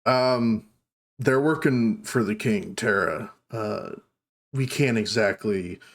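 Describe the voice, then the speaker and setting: A man's voice: fairly low pitch, takes it slowly. A man voicing a male guild clerk in a tabletop game, in a plain, matter-of-fact manner.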